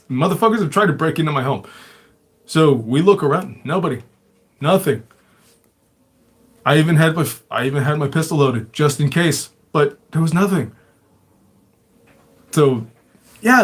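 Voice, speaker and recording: Foul-mouthed man telling stories, mid-pitched. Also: expressive, normal speed, long pauses. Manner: profane, swears constantly, chuckles often. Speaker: show host. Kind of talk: casual storytelling.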